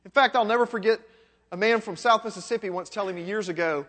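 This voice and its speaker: A man's voice: high voice, expressive, fairly quick, a bit bright, big-room sound. A man pastor preaching a sermon in a conversational way, asking his listeners rhetorical questions.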